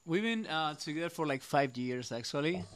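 Spanish-accented male guest, smooth resonant voice, loose chatty delivery. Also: on the high side, moderate pace, faint music behind. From Spain. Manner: relaxed, explains at length with many fillers. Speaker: guitarist and singer, studio guest. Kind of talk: casual radio chat.

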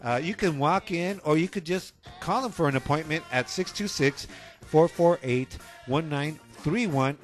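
Laid-back slangy radio co-host. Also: male voice, a little high, moderate pace, soft background music. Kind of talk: casual radio banter.

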